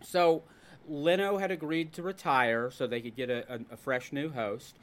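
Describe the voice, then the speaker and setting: A man's voice: a little high, moderate pace. A man hosting a casual podcast, telling stories and ranting with jokes. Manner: animated, ranting, jokey storyteller. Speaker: podcast host. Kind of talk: casual chat.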